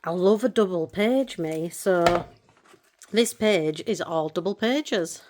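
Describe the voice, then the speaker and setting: A woman's voice: fairly low pitch, slow pace, a little mellow, a little hiss or hum. A middle-aged woman chatting casually about her colouring books. She gets emotional easily and laughs a lot. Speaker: colouring channel vlogger. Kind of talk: casual chat showing books.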